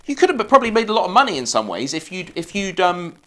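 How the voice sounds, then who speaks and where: A man's voice: sits high, sing-song, quick pace, a bit bright. A man co-hosting a casual football podcast, chatty and rambling. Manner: chatty, rambling with car analogies. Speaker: podcast co-host.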